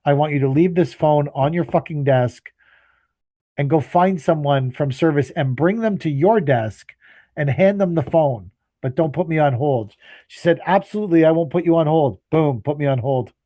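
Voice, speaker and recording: Exasperated, swearing man with mellow voice. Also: fairly high pitch, normal speed, no echo. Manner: exasperated, swears often, acts out both sides of phone calls. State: tired. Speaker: podcast co-host, landscaping business owner. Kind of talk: casual storytelling rant.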